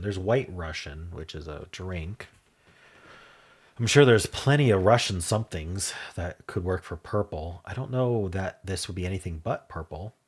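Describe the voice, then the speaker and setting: A man's voice: low voice, husky. A man hosting a puzzle game channel, thinking aloud in a casual, hesitant way as he works through word puzzles. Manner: muses aloud, hesitant and self-correcting.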